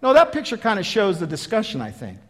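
Man, preacher, high voice, folksy, conversational sermon, animated. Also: fast talker. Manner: animated, acts out the Bible dialogue.

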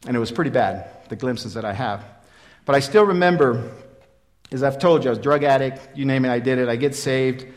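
A man in his fifties preaching a sermon, telling his own story in an earnest, repetitive way that swings from loud emphasis to quiet. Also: mid-range voice, fairly quick. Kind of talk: sermon with personal testimony.

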